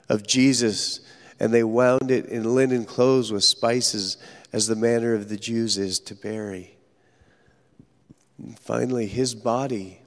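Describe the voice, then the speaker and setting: Male pastor, slow deliberate sermon delivery, gravelly fry, long church reverb. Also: medium pitch. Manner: earnest storytelling preacher, dramatic pauses. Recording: echoey hall reverb.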